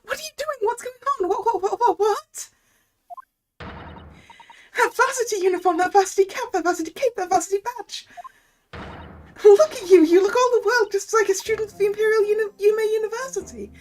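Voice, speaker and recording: A woman voicing an excitable, flustered young male defendant in a video game, with high, breathless exclamations. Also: fairly quick, pauses often, slight background noise. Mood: astonished.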